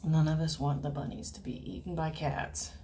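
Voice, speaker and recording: A woman giving a casual watercolor painting tutorial, chatting and thinking aloud, and often dropping into soft murmurs as she paints. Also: sits low, steady tone, a little fast, a little hiss or hum. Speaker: watercolor instructor.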